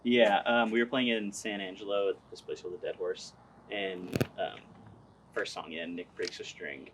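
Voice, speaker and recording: A man's voice: low-pitched, steady tone, moderate pace, very noisy. A young man who sings in a band, talking casually in an interview in a laid-back, rambling way and laughing often. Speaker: band singer.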